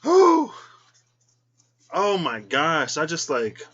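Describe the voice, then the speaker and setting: A man with a bright, animated voice talks slowly and tenderly, his speech thick with emotion and rising into high squeals when he acts out his own surprise. The recording is slightly dull and lo-fi. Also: husky. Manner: emotional, choked up, given to squealing quoted reactions. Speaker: tarot reader. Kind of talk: casual vlog chat.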